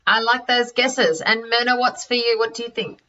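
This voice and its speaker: An Australian woman presenting health products over a call, halting with many fillers and restarts. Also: on the high side, steady tone, pushed and bright. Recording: distant, dull-sounding audio.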